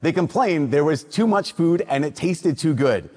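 A man with a husky, slightly raised voice preaches from the front of a church. His words ring out with a long echo through the hall. He is a priest from Minnesota, moving from a solemn Gospel reading into casual storytelling with lively asides. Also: a little high, normal speed. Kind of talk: Sunday Mass gospel reading and homily.

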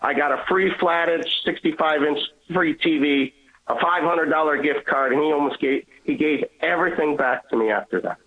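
A man's voice: on the high side, moderate pace. Man telling his story over a tinny phone. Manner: earnest storytelling, acts out quoted voices. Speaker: caller sharing a testimony. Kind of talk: personal faith testimony.

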